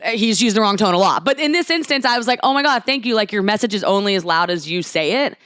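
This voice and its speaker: A woman's voice: medium pitch, fast talker, dry recording, studio quality. A woman in her twenties co-hosting a podcast, telling stories in casual chat and acting out quotes. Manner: chatty storytelling, animated quoting. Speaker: podcast co-host.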